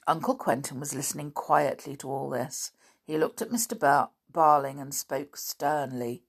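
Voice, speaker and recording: A woman's voice: sits low, fairly even intonation, normal speed, slightly rough. A woman reading a children's novel aloud, correcting her own slips as she goes. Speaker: storybook reader.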